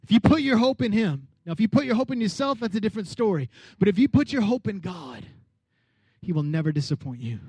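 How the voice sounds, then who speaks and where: A pastor delivers an energetic sermon in a notably high voice, urging his listeners to repeat his words and acting out the people in his story. The sound is close and dry, with no room echo. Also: fast talker, slightly rough. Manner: energetic preaching with call-and-response.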